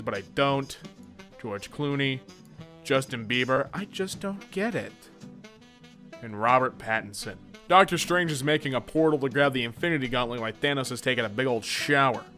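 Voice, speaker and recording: A young man reading and joking about internet memes in comedic commentary, often slipping into silly voices. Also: medium pitch. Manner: animated, jumps into silly voices for jokes.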